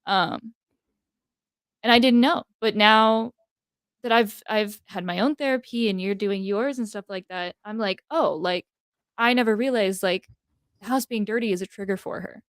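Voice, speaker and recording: A woman's voice: medium pitch, moderate pace, clear, resonant tone, no room sound. Reflective young woman, dry close sound. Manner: thoughtful, filler-heavy, reflective. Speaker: guest, host's daughter. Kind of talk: casual heartfelt conversation.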